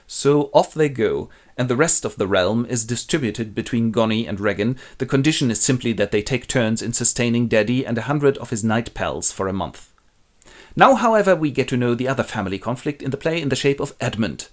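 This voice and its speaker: A man telling a classic play as comedy with toy figures, in a wry, deadpan way. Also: medium pitch, brisk. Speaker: presenter retelling a play. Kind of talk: comic storytelling with toy figures.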